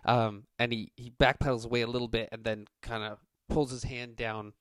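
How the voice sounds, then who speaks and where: A man's voice: mid-range voice, brisk, clean tone, no room sound, clean studio sound. A man running a tabletop game as game master, narrating in a loose, rambling way with plenty of fillers. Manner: relaxed and rambling, many fillers.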